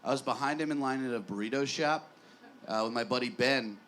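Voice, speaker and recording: A man's voice: medium pitch, brisk, fairly bright tone, a little hiss or hum. A man in his twenties doing a stand-up set in a small bar, rambling and self-deprecating with stammered restarts. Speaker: stand-up comedian.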